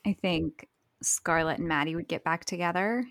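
A woman's voice: lowish voice, fairly bright tone, dry recording, clean studio sound. A young woman from New Jersey, an author talking about her book as a guest in a casual podcast chat, playing out little lines as she goes. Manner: chatty, acts out lines in quick bursts.

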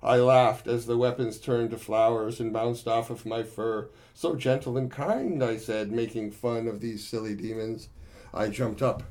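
A man's voice: mid-range voice, steady tone, unhurried, a little mellow, natural voice. A man as a boastful monkey warrior. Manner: gleeful, boasting storyteller addressing friends.

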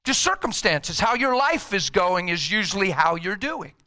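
Man, middle-aged, preacher, sermon, emphatic, high pitched. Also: normal speed. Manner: energetic, emphatic, conversational preaching.

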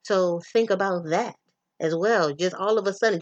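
Profane, animated woman talking to listeners. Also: medium pitch, moderate pace, muffled recording. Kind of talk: casual monologue on relationships.

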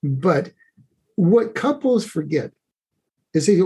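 A man with a husky, breathy voice and a warm, mellow tone. He talks as a relationship expert. His explanations are earnest and conversational, and he often restarts his phrases. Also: fairly high pitch, lively intonation, slow. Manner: earnest, with frequent restarts and "you know".

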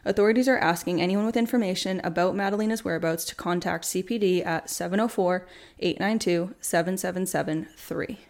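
A woman's voice: on the low side, fairly quick, darkish tone. A young woman hosting a true crime podcast, reading updates and then chatting candidly and loosely. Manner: candid, chatty, swears casually. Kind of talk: casual podcast narration.

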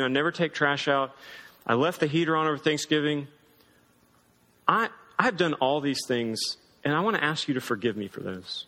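A man playing a remorseful young woman roommate who makes an earnest, halting confession. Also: on the high side, bright, forceful tone, pitched below the performer's own voice. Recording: long hall reverb.

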